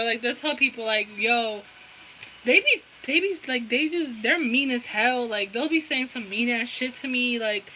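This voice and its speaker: A woman's voice: high voice, pushed and bright, a little hiss or hum, poor audio. A young woman giving a casual tarot reading, rambling in slangy, profane talk and often breaking into giggles. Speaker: tarot reader.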